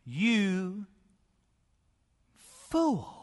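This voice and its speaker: A male preacher voicing God with a stern, solemn, measured delivery in a scripture reading. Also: sits high, wildly swooping pitch, big-room sound, exaggerated voice.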